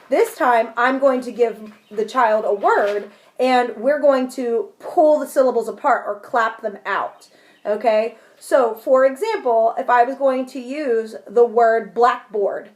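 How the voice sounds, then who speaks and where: A woman explaining a lesson clearly and patiently, giving spoken examples. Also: a little high, unhurried. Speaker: teacher. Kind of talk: instructional video lesson.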